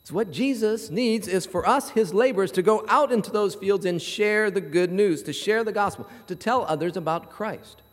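A man preaching a sermon as pastor, telling stories in an animated way and acting out the people in them. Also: sits high, moderate pace, few pauses, long reverb tail. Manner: animated storytelling, acts out voices in his anecdotes.

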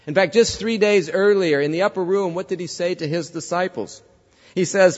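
A man's voice: sits high, normal speed, a little mellow, long reverb tail, highs cut off. A male pastor preaching a sermon, conversational, telling a story and asking the congregation questions. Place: church.

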